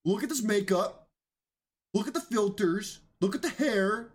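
A man's voice: sits high, expressive, measured pace. A man giving mocking, incredulous reaction commentary on videos, often emphatic and raising his voice.

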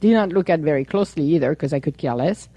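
A woman hosts a podcast in a relaxed, chatty way, acting out her side of the story with plenty of laughter. Her voice sits low and sounds mellow rather than bright. The recording is dry, with no room sound. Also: quick pace, dry recording. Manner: animated storytelling, laughing often, acting out her own replies. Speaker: podcast host. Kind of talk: casual chat.

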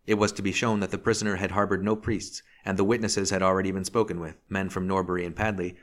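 A man with a very low, deep voice narrates a historical novel. His reading is measured and steady. It is an audiobook narration. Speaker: audiobook reader. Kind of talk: scripted narration.

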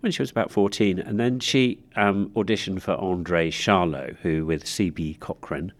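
A man's voice: deep voice, moderate pace. A man interviewed as a guest who recounts history, hesitant and full of fillers. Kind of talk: interview storytelling.

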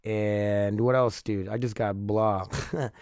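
A man's voice: on the low side, fairly even intonation, takes it slowly, darkish tone, smooth, no echo, clean studio sound. Rambling, cursing male podcast host. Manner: rambling, profane, laughs often. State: sick with covid, foggy-headed. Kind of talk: casual solo podcast talk.

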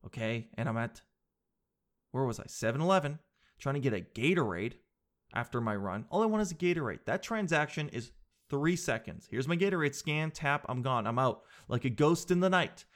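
A young man in his twenties on a stage doing stand-up comedy. He talks fast and loose in slang, with a mid-range voice, and keeps popping into quick impressions of the people in his stories. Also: mid-range voice, animated.

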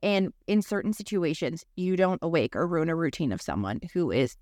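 A woman's voice: sits low, very animated, a little fast, darkish tone, no room sound, studio quality. A woman in her thirties co-hosting a podcast, telling a personal story in a candid, profane, conversational way. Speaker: podcast co-host. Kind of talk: casual conversation.

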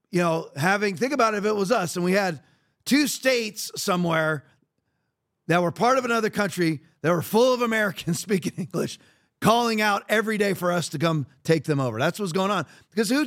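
A man with a fairly high voice hosts his own podcast, talking through the news in a blunt, emphatic way. He rambles and restarts his sentences as he argues his point. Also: fairly bright tone. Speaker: podcast host. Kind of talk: opinionated political commentary.

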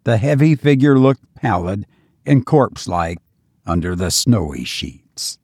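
This male audiobook narrator delivers scripted narration at a slow, solemn pace, his mid-range voice a little mellow. It's captured in a studio with no echo.

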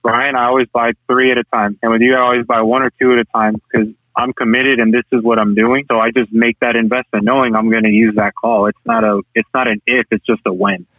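A man who runs a landscaping business, a podcast guest talking in an earnest, steady way. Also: mid-range voice, fast, hardly any pauses, no echo. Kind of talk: casual interview chat. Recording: tinny phone-line call.

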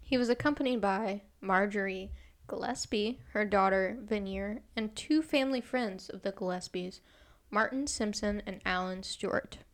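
An American woman hosts a relaxed podcast, reading out a true crime case between bits of banter. She often stumbles over words and laughs at herself. Her voice sits at an everyday middle pitch. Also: moderate pace. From United States. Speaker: podcast host.

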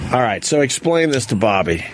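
A man's voice: mid-range voice, a bit bright. A man hosting a talk radio show, steering the segment and teasing his guests. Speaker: radio host. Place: radio studio.

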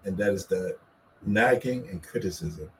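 A man's voice: low voice, normal speed, a little hiss or hum, low-quality recording. A man talking casually with his wife about marriage, earnest and teasing, acting out what each of them says. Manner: earnest, plays the quotes of both spouses in a raised voice; playful teasing. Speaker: co-host, husband.

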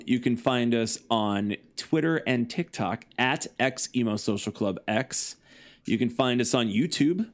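A man co-hosting a podcast in casual chat, loose and joking with plenty of fillers. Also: medium pitch. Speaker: podcast co-host.

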